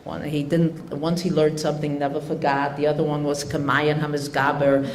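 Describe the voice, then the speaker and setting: A woman's voice: deep voice, little pitch movement, moderate pace, slight background noise. An older woman giving a religious talk to an audience, telling a story unhurriedly with many fillers and restarts. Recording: echoey room.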